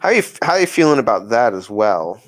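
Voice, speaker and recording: A man's voice: lowish voice, sing-song, a little fast. A man narrating as game master in a casual, playful, rambling way, with many fillers.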